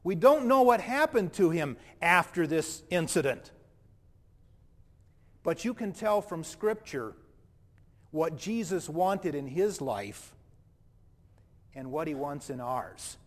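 A man's voice: a little high, animated, takes it slowly, pauses often. A man preaching a sermon in a reflective, explanatory way, with a long hall reverb.

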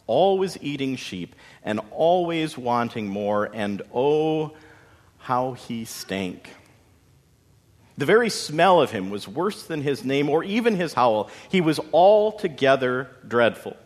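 A male storyteller narrates with dramatic, expressive delivery and folksy asides. He takes his time, and his pitch swings widely. A long hall reverb trails after each phrase.

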